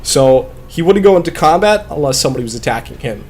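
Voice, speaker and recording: A man's voice: on the high side, animated, fast talker, darkish tone. Casual male gamer host, rambles, swears, close desk mic, faint noise. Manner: rambling, swears often, many fillers. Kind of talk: casual chat while playing a game.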